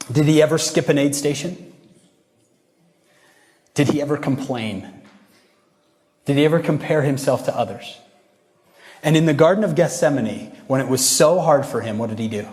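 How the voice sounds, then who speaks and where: A man giving a motivational religious talk to a youth audience, a lively storyteller who acts out the voices he quotes. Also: medium pitch, normal speed, long pauses. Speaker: youth devotional speaker. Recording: reverberant hall.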